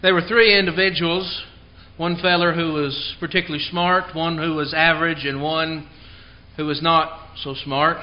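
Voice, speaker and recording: A man's voice: on the high side, steady tone, normal speed, lo-fi sound. A man preaching a Sunday sermon, hammering home key words with strong emphasis. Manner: tells a joke before the lesson.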